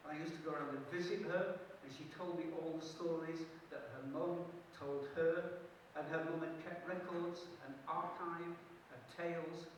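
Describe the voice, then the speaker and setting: A man telling folk tales live at a festival, lively and playful. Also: fairly high pitch, moderate pace, few pauses. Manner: lively, playful, chuckling asides. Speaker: storyteller. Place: festival hall. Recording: echoey hall, distant mic, hiss.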